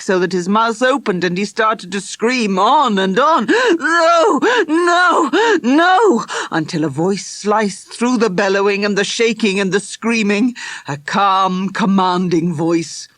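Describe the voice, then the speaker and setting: A man's voice: high voice, a bit bright, no echo, studio quality. A man narrating an audiobook in a tense, vivid storytelling manner. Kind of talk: scripted narration.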